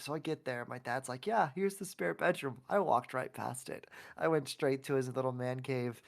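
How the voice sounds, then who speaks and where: Man from Oklahoma, self-love coach, heartfelt rambling story, frequent restarts, middle pitch. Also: vocal fry. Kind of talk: emotional personal storytelling.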